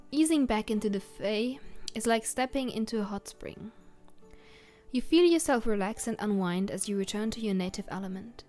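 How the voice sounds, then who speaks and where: A woman's voice: medium pitch, moderate pace, darkish tone, faint music behind. Woman reading a game aloud. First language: German. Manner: reads narration steadily, adds German asides. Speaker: let's player.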